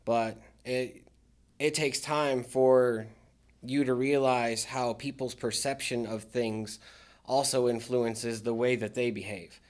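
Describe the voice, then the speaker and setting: Man, podcast guest, veteran, candid, dry sarcasm, mid-pitched voice. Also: steady tone, takes it slowly, darkish tone. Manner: frank, dry sarcastic humor. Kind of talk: candid casual interview talk.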